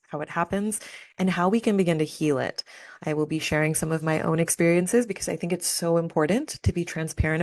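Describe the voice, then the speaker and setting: A young woman talks openly on her spiritual podcast, her low voice recorded close and dry. She speaks candidly and emotionally, with lots of casual fillers as she opens up to her listeners. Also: no room sound. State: near tears at times. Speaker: podcast host. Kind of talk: personal spiritual podcast monologue.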